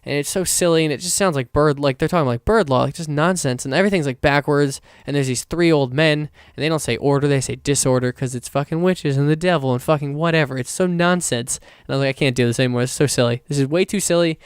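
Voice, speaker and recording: Rambling young man with a smooth voice. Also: on the high side, quick pace, few pauses, no echo, studio quality. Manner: rambling, lots of "like" and restarts, swears freely. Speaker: podcast host. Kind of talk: casual solo podcast chat.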